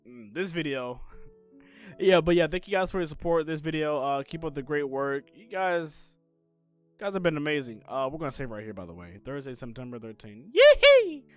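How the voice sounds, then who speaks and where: A man hosting a gaming video, joking and talking casually to his viewers with excitable energy. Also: a little high, brisk, clear, resonant tone, faint music behind. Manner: excitable, jokey, talks to viewers. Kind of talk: casual gameplay commentary.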